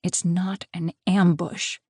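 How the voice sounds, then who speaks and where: A woman's voice: lowish voice, moderate pace, darkish tone, no echo, studio quality, close to an everyday voice. A woman voicing a stern, commanding male pack leader who speaks stiffly and in clipped phrases.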